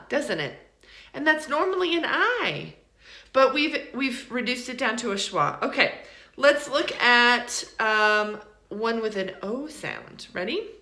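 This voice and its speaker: A woman teaching English pronunciation in an online lesson, encouraging and repeating words slowly to model them. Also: a little high, bright, forceful tone, roomy sound.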